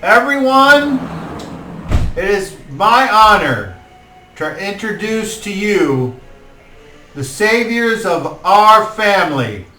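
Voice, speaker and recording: A man's voice: sits high, very animated, sharp tone, pitched above the performer's own voice, exaggerated voice. Man doing a courtly noble lord. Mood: proclaiming. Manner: formal, courtly speech with halting pauses. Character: gracious noble male lord hosting a feast. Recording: roomy, distant mic, faint music.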